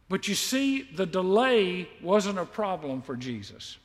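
A male pastor preaching a sermon and reading scripture, by turns emphatic and quietly confiding. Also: sits high, sing-song, unhurried, few pauses, long reverb tail. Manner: emphatic, swells loud on key lines, then drops quiet and confiding.

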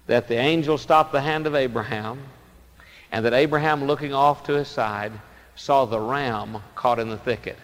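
A male pastor preaching a sermon, telling stories dramatically and swinging between loud emphasis and soft asides. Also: mid-range voice, normal speed, big-room sound.

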